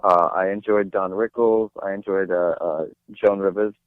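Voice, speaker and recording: A man's voice: low-pitched, fairly even intonation, moderate pace, clear, resonant tone, dry recording. A young man from New Jersey, a guest actor chatting casually in an interview, rambling with lots of fillers and restarts. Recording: dry tinny phone line.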